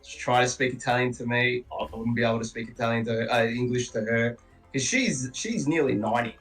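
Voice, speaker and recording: Man telling lively family stories. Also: mid-range voice, brisk, far from the mic, soft background music, poor audio. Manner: animated storyteller, mimics relatives' voices. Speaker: guest player. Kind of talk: casual chat on a game stream.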